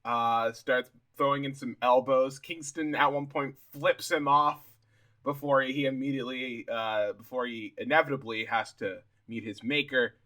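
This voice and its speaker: A man co-hosting a podcast, retelling wrestling matches play by play in lively casual chat and laughing easily. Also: medium pitch, moderate pace. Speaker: podcast co-host.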